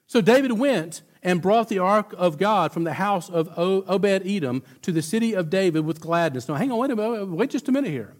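Pastor, man, high voice, chatty emphatic sermon, stumbles and restarts. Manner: conversational and emphatic, with halting restarts.

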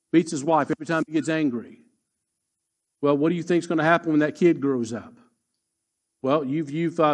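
Emphatic man preaching a sermon. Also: a little high. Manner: emphatic, repeats key lines slowly. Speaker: pastor.

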